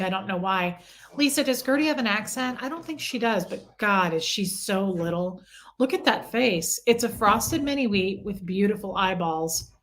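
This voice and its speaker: A middle-aged woman hosts a casual livestream, chatting and answering viewer comments by name, and coos baby talk at her small dog. Her voice is mid-range, bright and forceful.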